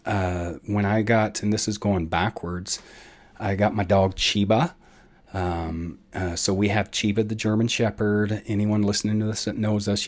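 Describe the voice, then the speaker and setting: Rich: A man with a fairly low voice tells a personal story as a podcast host. He wanders and backtracks, often pausing on "um" and "uh" and correcting himself as he goes. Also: darkish tone. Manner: rambling, full of fillers and self-corrections.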